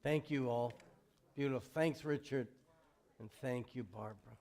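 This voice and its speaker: A man's voice: mid-range voice, normal speed, vocal fry, darkish tone. A man leading a worship service in a synagogue, giving brief announcements and calls to the congregation. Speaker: service leader. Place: synagogue sanctuary.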